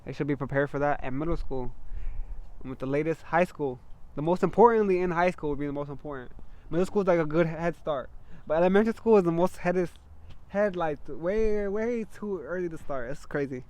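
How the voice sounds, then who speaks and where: A man's voice: fairly high pitch, darkish tone. A young man chatting casually as a guest, rambling and slangy, trailing off and restarting. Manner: rambling, slangy, fast-talking. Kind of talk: casual chat.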